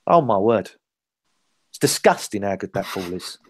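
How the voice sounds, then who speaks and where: A man in a casual football chat, animated and joking as he gushes about players. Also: fairly low pitch, normal speed, breathy edge, dry recording, studio quality. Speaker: podcast co-host.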